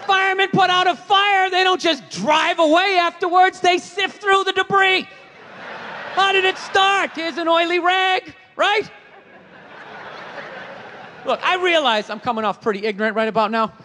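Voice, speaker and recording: Ranting profane stand-up comic. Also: male voice, very high voice, moderate pace, sharp tone. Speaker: stand-up comedian. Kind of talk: stand-up comedy. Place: comedy stage before a live audience. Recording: reverberant live venue with crowd noise.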